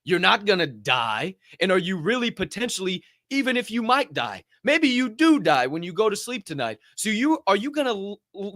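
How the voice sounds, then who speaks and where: High bright guy ranting, swearing a lot, pumped up motivational talk. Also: dry recording, clean studio sound. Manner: profane, fired-up, preachy. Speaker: podcast co-host. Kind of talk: motivational podcast rant.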